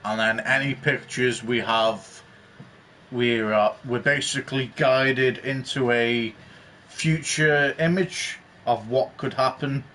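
A man's voice: medium pitch, steady tone, slow, pushed and bright, slight background noise. A man hosting a game walkthrough, explaining the menus in a rambling, casual way. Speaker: gaming channel host. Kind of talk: let's play commentary.

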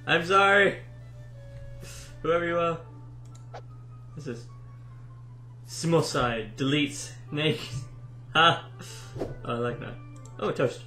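A man giving casual let's-play commentary, excitable and easily amused. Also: on the high side, extremely slow, pauses often. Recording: roomy echo with game music behind.

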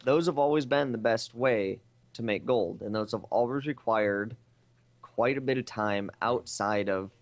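A man co-hosting a casual gaming podcast, explaining things in a relaxed, self-deprecating way. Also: medium pitch, a little slow. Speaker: podcast co-host. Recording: dull lo-fi podcast audio.

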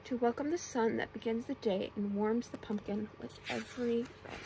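A woman gently reading bedtime stories aloud in a soft ASMR style, sometimes whispering. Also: fairly high pitch, fairly even intonation, moderate pace, slight background noise, rough recording. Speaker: ASMR storyteller.

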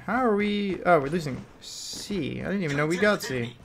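Excitable young man over gunfire. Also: sits high, moderate pace, vocal fry. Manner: excitable, yells at enemies, talks to himself. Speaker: mobile gaming channel host. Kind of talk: live gameplay commentary. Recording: noisy game audio with gunfire.

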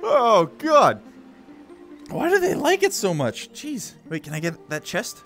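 An excitable, playful man talks his way through a fishing game, laughing and chatting to the fish as he goes. His voice sits high and swoops lively up and down. Faint music plays underneath. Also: gravelly. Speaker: gaming video host. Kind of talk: playing a VR fishing game with running commentary.

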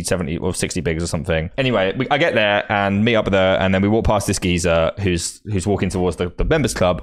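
A man telling a casual, animated story as a poker vlogger, with plenty of fillers and the odd swear word. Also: on the low side.

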